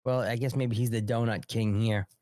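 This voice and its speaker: A man's voice: mid-range voice, fairly even intonation, moderate pace, warm tone, no echo, clean studio sound. Blunt Long Island man hosting live. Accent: Long Island New York. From Long Island, New York. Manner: blunt, rambling, heated, with many restarts. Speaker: host of a live political show. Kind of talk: live political commentary.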